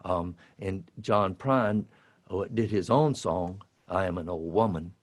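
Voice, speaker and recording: A singer-songwriter chatting casually to a live audience between songs, rambling and restarting his sentences. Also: deep voice. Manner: rambling, halting, full of restarts. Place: live concert venue.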